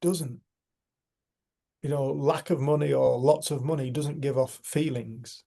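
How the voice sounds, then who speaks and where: A man's voice: medium pitch, steady tone, unhurried, creaky, warm tone. A man leading a casual community group discussion, talking in an earnest, emphatic way. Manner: earnest, emphatic, swears mildly.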